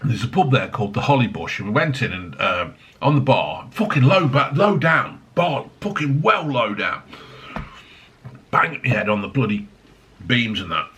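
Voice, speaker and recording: A man's voice: medium pitch, sing-song, moderate pace, a bit bright. A middle-aged man, rambling and swearing at his desk while reviewing drinks. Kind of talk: casual review vlog. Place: home desk.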